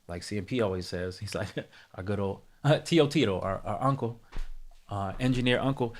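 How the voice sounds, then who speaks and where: A man's voice: fairly low pitch, a bit bright. A man hosting a live music production tutorial, talking casually to his chat, thinking aloud and correcting himself as he goes.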